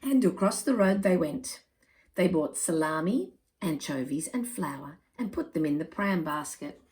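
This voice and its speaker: A woman reading a children's picture book aloud in an expressive, measured way. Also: low voice, slight background noise. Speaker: storyteller.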